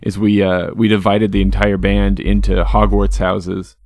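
A young man with a low voice hosts a podcast chat. He is easygoing and reflective and keeps his replies short. The sound is dry and close, with no room echo. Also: level tone, a little slow, a little mellow. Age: young adult. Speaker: podcast host. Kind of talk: casual interview chat.

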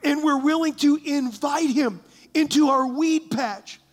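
A pastor preaching a sermon, reading scripture aloud and asking the congregation questions in an animated way. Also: male voice, extremely high pitch, unhurried. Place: church sanctuary.

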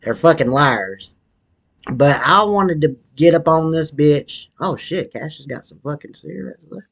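A man's voice: on the high side, animated, a little slow, vocal fry, a bit bright, heavily acted. A man voicing a crude, foul-mouthed, obese wannabe rapper in a comedy sketch monologue, rambling in a profane, slangy drawl while smoking a cigarette.

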